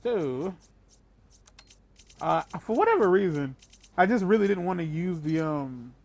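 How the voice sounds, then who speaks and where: Gravelly young man talking through a game. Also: high-pitched, very animated, measured pace, darkish tone. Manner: chatty and rambling, swears casually. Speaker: gaming channel host. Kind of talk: casual let's play commentary.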